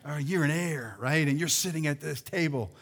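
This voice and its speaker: This is a male pastor with a high voice, preaching a sermon in a church sanctuary. He is animated and calls on his congregation, and his delivery swings from loud to soft. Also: a little fast. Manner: animated preaching with call-and-response and swings in loudness.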